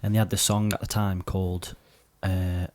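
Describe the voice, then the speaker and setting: A man's voice: low-pitched, flat delivery, normal speed, a little mellow, no room sound. A young man hosting a podcast, chatting casually in a rambling, sweary way with frequent restarts. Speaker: podcast host. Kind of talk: casual chat.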